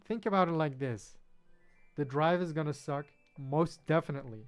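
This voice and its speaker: Chatty young streamer with a raised voice. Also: male voice, on the high side, moderate pace, clean tone. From Belgium. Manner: friendly, repeats his own phrases, talks to chat by name. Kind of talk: casual chat while gaming. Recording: game music playing behind.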